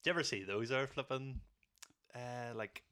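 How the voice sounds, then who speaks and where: A man's voice: mid-range voice, normal speed, pushed and bright, smooth. A young man, co-hosting a podcast in casual chat, joking, swearing and laughing a lot. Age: young adult. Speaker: podcast co-host.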